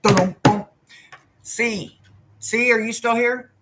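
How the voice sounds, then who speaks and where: Animated, blunt woman chatting with viewers. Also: a little high, takes it slowly, faint music behind. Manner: animated and blunt, swings from loud to soft, swears freely. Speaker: host and spiritual reader. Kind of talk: casual livestream chat with viewers.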